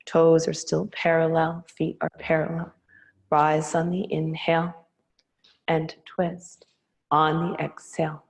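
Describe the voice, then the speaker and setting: A woman teaching a yoga class, giving slow, calm, soothing cues to her students. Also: low voice, gravelly, low-quality recording. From Hawaii. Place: yoga studio.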